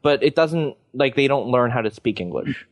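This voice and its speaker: A man's voice: mid-range voice, normal speed, no room sound. Young male podcast host from Canada, loose rambling delivery full of fillers, dry close-mic sound. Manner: rambling, filler-heavy, lots of "like" and "you know". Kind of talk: casual chat.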